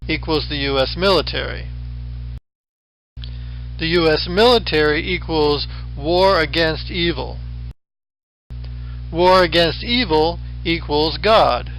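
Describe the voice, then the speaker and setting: A middle-aged man delivers a lecture over slides, his voice bright and a touch higher than most men's. He keeps a dry, deadpan tone and slips in wry asides. A faint hum runs underneath. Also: takes it slowly, pauses often, rough recording. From western United States. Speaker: professor.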